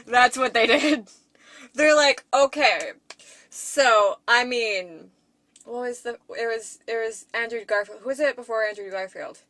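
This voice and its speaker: A woman's voice: on the high side, a little slow, a bit bright. A young woman co-hosting a podcast, giggly and rambling as she chats casually. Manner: giggly, rambling, tries silly voices. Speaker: podcast co-host. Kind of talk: casual chat.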